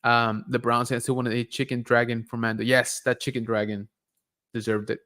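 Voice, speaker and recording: A man hosting a live stream, reading viewer comments aloud and reacting in a relaxed, chatty way. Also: medium pitch, a little fast. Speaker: livestream host reading viewer chat. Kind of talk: casual live-stream chat.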